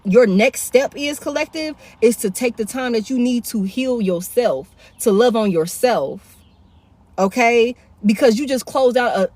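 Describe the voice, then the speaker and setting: A woman reads tarot live into her phone, swearing freely and repeating herself for emphasis. Her voice sits fairly high for a woman, and the sound is dry, close and free of room echo. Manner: blunt, profane and repetitive, with heavy slang. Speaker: tarot reader. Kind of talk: casual live tarot reading.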